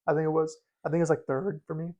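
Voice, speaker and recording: Young male podcast co-host, slightly higher pitch, loose excitable chatter. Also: fast, dull audio. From Los Angeles area. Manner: loose, slangy, excitable, repeats himself. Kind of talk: casual chat.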